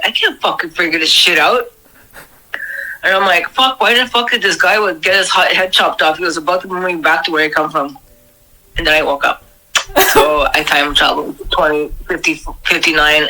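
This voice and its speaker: A woman's voice: low voice, poor audio. A young woman casually retelling a strange dream on a podcast, swearing freely and acting out the people in it. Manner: profane, animated retelling of a dream. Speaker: podcast storyteller. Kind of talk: casual storytelling.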